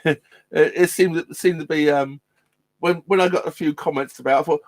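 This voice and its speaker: A man's voice: a little high, fairly even intonation, fairly quick, no room sound. A man hosting a casual live stream from his narrowboat, chatting with viewers in a rambling way, full of ums and restarts, laughing often. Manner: laughs often while talking.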